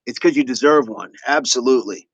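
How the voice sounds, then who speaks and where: A man's voice: mid-range voice, a little fast, breathy edge, no echo, dull audio. Chatty man reading live chat. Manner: chatty, repeats affirmations to viewers. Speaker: fitness livestream host. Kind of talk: casual livestream chat reading viewer comments.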